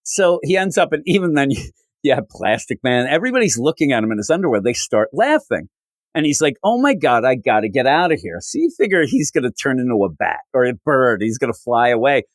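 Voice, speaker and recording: A man hosting a comics podcast, recapping a story with animated storytelling and acted-out quotes. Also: mid-range voice, brisk, no room sound. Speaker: podcast host. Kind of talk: casual comic review recap.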